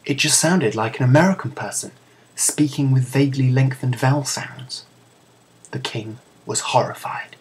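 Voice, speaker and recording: A man with a British accent narrating a comedic story in a soothing, mock-grand deadpan way. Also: medium pitch, slight background noise, poor audio.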